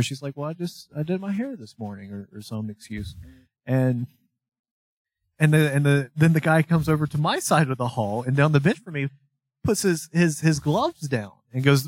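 A man's voice: a little high, animated, normal speed, a little mellow, no echo. A young man co-hosting a podcast, telling a long story in casual chat, rambling, swearing and laughing as he goes. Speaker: podcast co-host.

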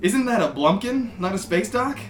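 A man's voice: high-pitched, lively intonation, normal speed, pitched above the performer's own voice. A man voicing a bewildered young man who whines his lines in a raised voice. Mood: whiny. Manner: whining. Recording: echoey room with loud background hum.

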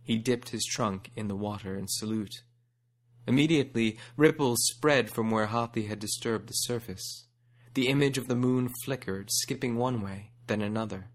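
A man's voice: on the low side, normal speed. Man reading a fable aloud. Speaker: narrator. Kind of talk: scripted storybook narration.

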